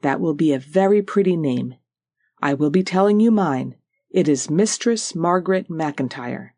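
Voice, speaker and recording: Proud old Highland widow, Scottish Highland accent, rich and powerful, stately lilting delivery, as an audiobook narrator puts her on; dry close recording. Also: animated, normal speed, darkish tone, dry recording, natural voice. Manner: stately, lilting, repeats "oh yes".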